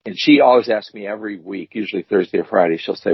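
A man's voice: lowish voice, fast talker, breathy edge, dry recording. A man co-hosting a casual chat show, joking and rambling as he tells stories. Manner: animated, joking, rambling storyteller. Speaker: co-host. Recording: dull, dry lo-fi audio.

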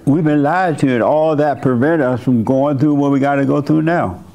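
Recorded with the highs cut off, an older man's slightly high, warm voice moves at normal speed. As host and church leader, he counsels a congregation member with plainspoken, folksy spiritual advice and chuckles now and then.

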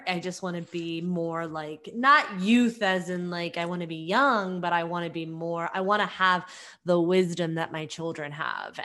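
A woman's voice: on the low side, a bit bright. A middle-aged woman hosting a podcast, a mother, talking in a chatty, enthusiastic way, full of "like" and "right?". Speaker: podcast host. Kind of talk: casual conversation.

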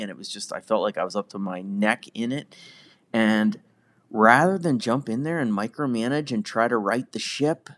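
A man's voice: on the low side, dry recording. A man hosting a podcast, telling a personal story in a candid, self-deprecating, conversational way. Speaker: podcast host. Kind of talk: personal monologue.

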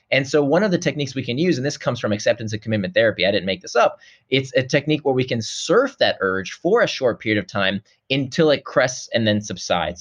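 A man explaining his ideas as an interview guest, lively and animated, jumping into a higher voice to act out feelings. The recording is a little muffled and lo-fi. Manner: animated, acts out quoted feelings in a raised voice. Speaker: author guest.

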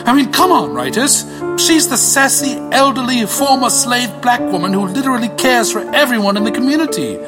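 High, whiny comic narrator, a man. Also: sing-song, fairly quick, over loud music. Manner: whiny, self-pitying, rambling asides. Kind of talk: comedic audio drama narration.

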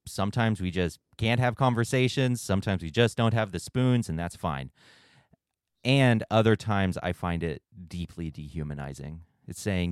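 A man's voice: sits low, normal speed, clear, resonant tone, dry recording, studio quality. A man hosting a podcast interview, speaking in a reflective, hesitant way and often restarting his phrases. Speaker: podcast host. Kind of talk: conversational interview.

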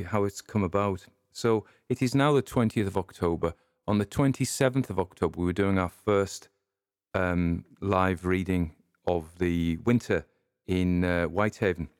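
A man narrating a dark first-person story and chatting as podcast host, earnest and halting with small stammers. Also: low voice, no room sound, studio quality.

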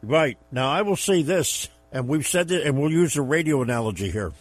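A man's voice: fairly high pitch, expressive, brisk, dry recording. A man hosting a political radio show, who chats casually and backs his co-host up with short agreements. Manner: affirming, conversational, brief backchannels.

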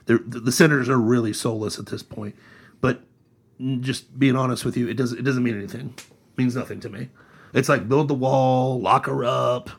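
Husky guy hosting a political podcast, sarcastic, mocking, talks animated. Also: mid-range voice, brisk. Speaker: podcast host. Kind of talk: casual political chat.

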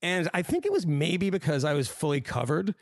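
Speaking a little fast in a slightly high voice with big pitch swings and vocal fry, this co-host spins wry, rambling anecdotes he laughs at during casual panel chat. The studio sound is clean, with no room sound.

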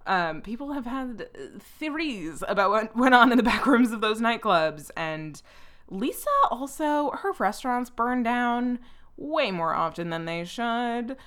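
A woman's voice: on the high side, lively intonation, unhurried, a bit bright. A young woman hosting a podcast, talking casually and with strong opinions, full of fillers and frequent swearing. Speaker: podcast host.

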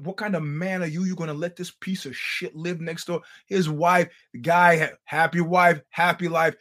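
An older man hosting a podcast, telling stories in a casual, animated, profane way with laughing asides. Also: high voice. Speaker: podcast host. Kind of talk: casual storytelling monologue.

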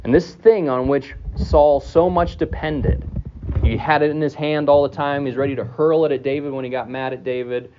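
A man preaching an expository sermon as pastor, animated, chuckling now and then as he explains a passage. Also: medium pitch, normal speed, muffled recording, slight background noise. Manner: animated, acts out scripture dialogue in raised voices.

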